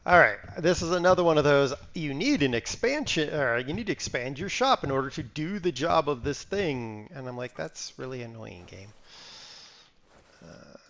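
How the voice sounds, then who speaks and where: A man's voice: fairly high pitch, very animated, normal speed, few pauses, fairly bright tone. A man casually commenting on a live game stream. He mutters to himself while playing, breaks into sudden exclamations and sniffles now and then.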